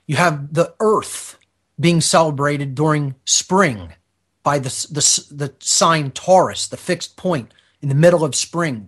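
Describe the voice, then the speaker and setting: A man's voice: a little high, fairly bright tone, husky. A man speaking as a radio show guest, giving a long explanatory lecture and often checking in with "okay?". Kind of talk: explanatory lecture-style talk.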